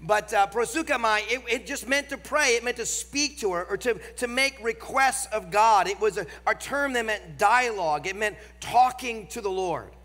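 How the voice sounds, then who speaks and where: Nasal man with a Northern American accent preaching in a large church; emphatic, slows on key lines, bright edge, reverberant hall. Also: high-pitched. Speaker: guest preacher. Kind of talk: sermon.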